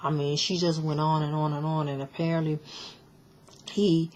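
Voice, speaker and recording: A woman's voice: low-pitched, little pitch movement, moderate pace, a little mellow. A woman casually recapping a reality show episode, chatty and blunt, with lots of fillers and restarts. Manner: blunt, sassy commentary.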